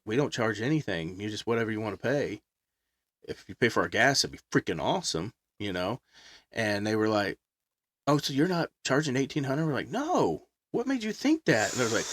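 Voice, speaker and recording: A middle-aged man telling stories in casual chat, animated, acting out quotes and laughing often. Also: fairly low pitch, no room sound. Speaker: guest musician.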